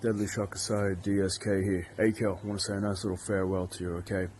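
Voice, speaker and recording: Low-voiced aussie wrestler doing a promo-style farewell, monotone. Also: male voice, quick pace, slight background noise. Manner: hyped promo style, pleading. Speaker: professional wrestler.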